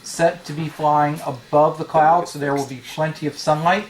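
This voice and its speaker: A man narrating as dungeon master, hesitant and full of pauses and fillers. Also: on the high side, steady tone, a crowd in the background. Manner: halting, many fillers. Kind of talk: narrating a tabletop game.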